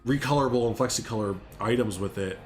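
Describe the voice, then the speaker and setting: A man's voice: mid-range voice, fast talker, soft background music. A young man rambling casually on a live game stream, chatting with viewers as he builds. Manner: rambling, chatty, reads and answers chat.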